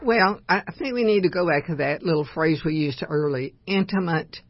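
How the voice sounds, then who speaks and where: A woman co-host on a Christian radio talk show, speaking calmly. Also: low-pitched, brisk, no echo, lo-fi sound.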